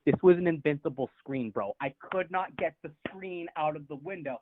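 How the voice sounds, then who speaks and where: This young male caller has a fairly high pitch and a brisk delivery, with background noise behind him. He laughs his way through a wandering, profanity-laced story. It's casual talk over a tinny, dry phone connection.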